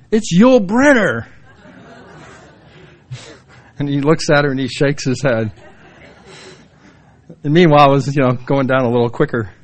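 Male pastor, middle-aged, sermon, storytelling, voices quoted characters, mid-range pitch, church setting. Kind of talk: sermon with humorous stories.

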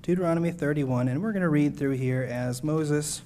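A preacher gives an earnest, measured sermon in a voice a little higher than most men's. With steady conviction, he reads scripture passages aloud and unpacks them for his listeners, while a faint room hum lingers underneath.

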